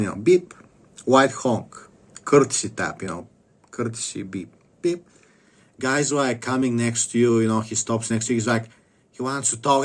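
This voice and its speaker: A man delivering a rambling, profane self-help monologue to the camera, blunt and crude, often clearing his throat and coughing. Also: mid-range voice, normal speed. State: coughing after a dental visit.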